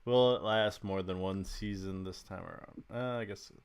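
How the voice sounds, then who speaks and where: A man's voice: deep voice, steady tone, moderate pace, smooth. Laid-back man hosting a sports podcast. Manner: laid-back, laughs often, trails off with uh. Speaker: podcast host. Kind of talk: casual sports chat.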